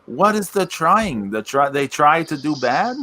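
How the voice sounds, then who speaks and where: A man's voice: fairly high pitch, sing-song, a little slow, bright, forceful tone, no room sound. A man co-hosting a casual wrestling podcast, bluntly reading his critical notes. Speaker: podcast co-host.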